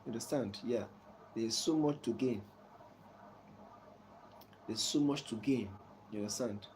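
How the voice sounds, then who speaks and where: A man giving casual, preachy life advice to a viewer, often asking "you understand?" and chuckling softly. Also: medium pitch, a little slow, slight background noise, rough recording. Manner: soft chuckles between points.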